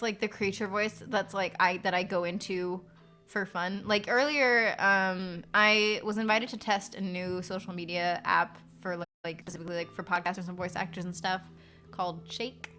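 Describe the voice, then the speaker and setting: A woman's voice: medium pitch, bright, forceful tone. A woman streamer and voice actor chatting casually on a live stream from her apartment, rambling with fillers and swearing, her nose congested. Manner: rambling, frequent fillers and profanity.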